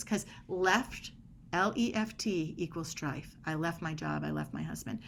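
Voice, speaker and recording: A woman's voice: lowish voice, steady tone, measured pace, vocal fry, fairly bright tone. A middle-aged woman guest on a podcast interview, explaining body language in an emphatic way and acting out quoted dialogue.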